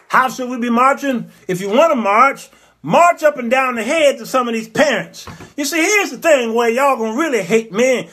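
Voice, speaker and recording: A male show host, giving a comic commentary monologue and acting out voices and sound effects as he goes. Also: very high-pitched. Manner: animated storyteller who acts out voices and sound effects.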